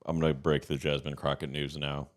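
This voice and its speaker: A man co-hosting a comedy podcast, with a very low, rumbling voice. He rambles through jokes in loose, casual chat. His sentences often restart before they land. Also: flat delivery, brisk. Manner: rambling, jokey, frequent restarts. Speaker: podcast co-host.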